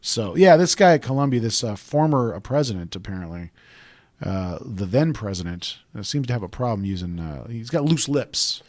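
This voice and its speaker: A man's voice: on the low side, sing-song, normal speed, darkish tone, no room sound. A man hosting a talk radio show, chatting casually and rambling into digressions.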